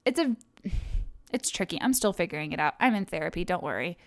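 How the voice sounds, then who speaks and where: A woman's voice: fairly low pitch, animated, fast talker, no room sound, studio quality. A young woman from Kentucky hosting her own podcast, talking in a chatty, rambling way with lots of fillers and self-corrections. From Kentucky, USA. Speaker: podcast host. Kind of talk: casual solo podcast monologue.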